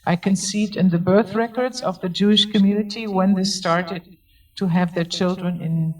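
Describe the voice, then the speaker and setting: A man's voice: sits high, steady tone, moderate pace. A man with a German accent, a local historian, politely and hesitantly discussing birth records with the guests. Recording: distant mic.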